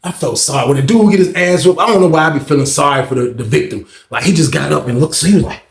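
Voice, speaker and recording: A man telling a story casually, animated and profane, acting out scenes with sound effects. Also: fairly high pitch, fast, gravelly, echoey room.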